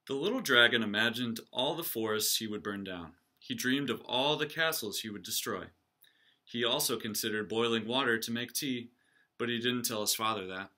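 Bright, animated man reading a picture book. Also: medium pitch, moderate pace. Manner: animated storytelling. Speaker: reader, teacher.

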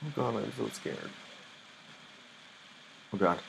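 A man's voice: lowish voice, lively intonation, takes it slowly, creaky, a little hiss or hum, poor audio. A young man commentating his own live gameplay, easily startled and muttering nervously to himself. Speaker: gamer playing live.

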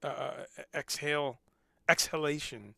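Rambling gravelly-voiced man. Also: fairly high pitch, slow pace, sharp tone, no echo, studio quality. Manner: rambling, repeats words, swears. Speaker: livestream host. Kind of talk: casual livestream commentary.

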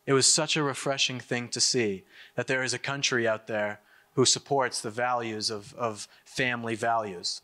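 Bright-voiced young man giving a political speech. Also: mid-range voice, steady tone. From United States. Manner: emphatic, repeats himself, quick asides. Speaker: conference speaker. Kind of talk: political speech to a live audience.

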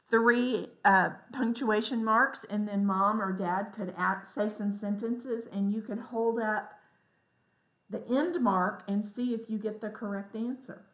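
A woman teacher giving a lesson to young children, reading example sentences slowly with exaggerated expression. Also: medium pitch, a bit bright, echoey room, low-quality recording. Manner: slow, clear, exaggerated reading for young kids.

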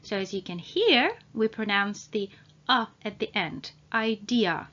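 Woman teaching slow careful pronunciation. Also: mid-range voice, big pitch swings, sharp tone, muffled recording. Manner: slow, deliberate, spells out sounds. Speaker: language trainer. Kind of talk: English pronunciation lesson.

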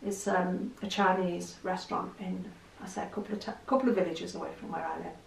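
A middle-aged woman talks candidly to the camera and pokes fun at herself. Her voice has a gravelly rasp, and she sounds a little distant in an echoey room. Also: lowish voice, fairly even intonation, a little fast, slight background noise. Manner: chatty, candid, self-deprecating. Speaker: vlogger. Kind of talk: casual chat to camera.

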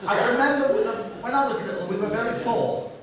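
A man's voice: extremely high pitch, expressive, fast talker, crowd noise. A man performing a chatty stand-up comedy routine on a music hall stage, telling his story with repeated phrases. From London. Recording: echoey hall from far off with audience.

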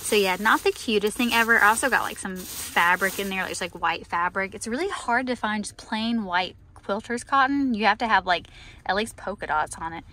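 Chatty bright-voiced young woman vlogger. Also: mid-range voice, fairly quick, poor audio. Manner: chatty, filler-heavy, upbeat. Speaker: small business owner vlogging. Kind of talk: casual vlog narration. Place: home craft studio and a fabric store.

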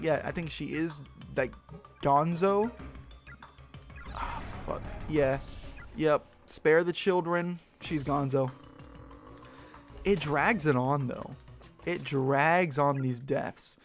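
A man hosting a let's play, giving casual gameplay commentary in a chatty, joking manner and swearing freely. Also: on the high side.

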